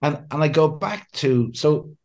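A man's voice: fairly high pitch, lively intonation, a little slow, a little mellow. A man with an Irish accent, a pastor and counselor speaking as a podcast guest in a laid-back, sincere way, acting out the voices of the people he quotes. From Ireland. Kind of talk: conversational interview.

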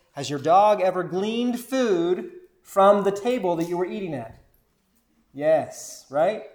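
A man teaching a Bible lesson to a group, reading scripture aloud and asking the listeners questions. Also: sits high. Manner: asks the group questions and repeats their answers.

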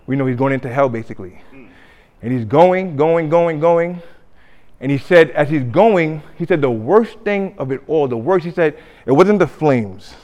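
A man preaching a sermon, telling a story with acted-out quotes and swings between loud and hushed delivery. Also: a little high, expressive, normal speed, highs cut off. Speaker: pastor.

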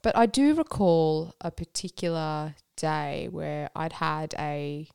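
A woman's voice: low voice, slow pace, vocal fry, darkish tone, clean tone, no room sound, clean studio sound. A woman speaking candidly and reflectively in a casual conversation about her faith, often laughing and using fillers. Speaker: guest.

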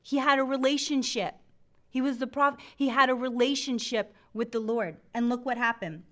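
A woman's voice: fairly high pitch, moderate pace, fairly bright tone. A middle-aged woman hosting a faith show, teaching from the Bible with lots of laughter and acted-out voices. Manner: laughs often, acts out scripture voices. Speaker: faith podcast host.

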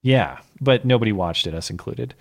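A man's voice: fairly low pitch, lively intonation, moderate pace, vocal fry, darkish tone. A man hosting a podcast, talking through his argument at length in casual political commentary. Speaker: podcast host.

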